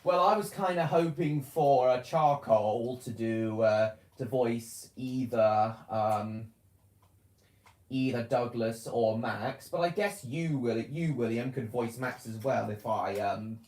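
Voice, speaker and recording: A man's voice: medium pitch, slow, darkish tone. A man chatting casually on a home video, rambling and hesitant, with many fillers and restarts. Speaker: vlogger. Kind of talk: casual chat. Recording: roomy echo.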